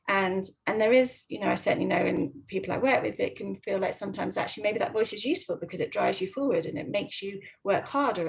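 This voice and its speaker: A woman clinical psychologist giving advice in a gentle way, with many ums and restarts. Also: mid-range voice, vocal fry, poor audio. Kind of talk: advice talk.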